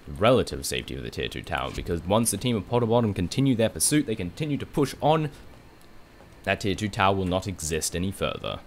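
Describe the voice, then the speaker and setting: Fast-talking male esports caster. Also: lowish voice, a little hiss or hum. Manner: rapid, excitable, rises sharply in big fights. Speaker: esports commentator. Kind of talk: play-by-play game commentary.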